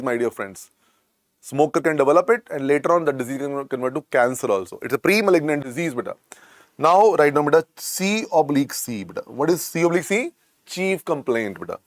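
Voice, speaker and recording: A man's voice: a little high, no echo, clean studio sound. A middle-aged man with an Indian accent teaching a medical exam class, repeating key points and coaxing students as "beta". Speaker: medical lecturer. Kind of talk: exam coaching lecture.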